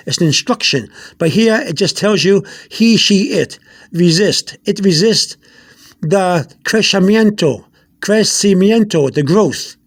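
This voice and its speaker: A man with a high voice teaches a casual language lesson. He talks haltingly, repeating words and spelling out letters one by one, with plenty of uh and um between phrases. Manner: explains slowly and spells out letters.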